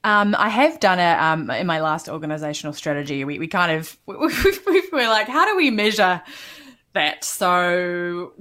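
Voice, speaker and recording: A woman's voice: on the low side, a bit bright. A woman who is a podcast guest, speaking candidly and earnestly with frequent fillers. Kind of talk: candid interview talk.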